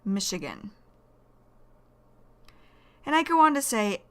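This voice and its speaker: A woman from the United States teaching English vocabulary, speaking deliberately and repeating key words for learners. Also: medium pitch, sing-song, pushed and bright. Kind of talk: slow explanatory vocabulary lesson.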